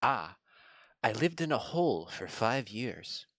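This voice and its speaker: A man's voice: medium pitch, big pitch swings, slow, a bit bright, no echo. A man chatting casually as a tabletop game player, rambling with lots of fillers. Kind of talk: casual in-character chat over voice call.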